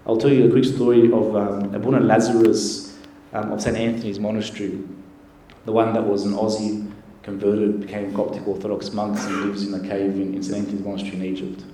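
A man, a priest, giving an earnest, gentle sermon with pauses. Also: on the low side, little pitch movement. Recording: echoey church with faint noise.

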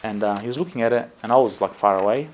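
Speaking fast at a medium pitch, this priest preaches a conversational sermon with a bit of hiss or hum in the background. His relaxed storytelling is full of fillers and self-corrections, and he frequently laughs at himself.

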